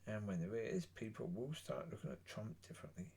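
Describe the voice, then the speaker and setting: Man, solo political monologue, gravelly, husky, blunt, rambling. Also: fairly low pitch, warm tone. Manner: blunt, opinionated, rambling with pauses. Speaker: political commentator.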